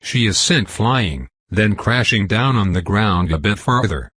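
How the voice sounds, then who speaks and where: Husky low-voiced man reading fiction. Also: lively intonation, unhurried, a bit bright, no echo. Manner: clipped, intense dramatic reading. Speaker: audiobook narrator. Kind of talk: first-person fiction narration.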